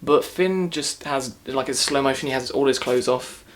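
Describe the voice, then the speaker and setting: A man's voice: mid-range voice, moderate pace. A man giving a casual, sarcastic movie review rant, rambling and restarting as he goes.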